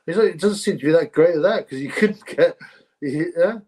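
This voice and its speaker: A man's voice: fairly high pitch, brisk, a little mellow. Chatty man hosting a livestream. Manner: chatty, laughs often, rambling with restarts. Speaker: livestream host. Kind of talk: casual livestream chat reading viewer comments.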